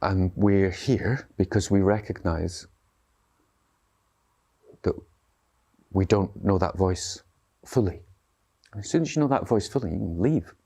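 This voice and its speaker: A man's voice: sits low, a little slow, long pauses, dark tone, slightly rough. A man giving a dharma talk as a meditation teacher, speaking loosely and conversationally and often checking in with his listeners. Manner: conversational, checks in with tag questions.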